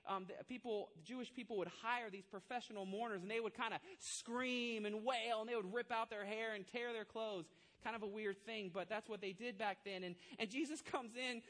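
A pastor preaching a sermon, telling a story and acting out the voices of the people in it, building to loud, emphatic points. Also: male voice, high voice.

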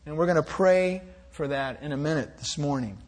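A male pastor preaching a sermon in a gentle, reflective way, with small restarts as he speaks. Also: a little high, moderate pace.

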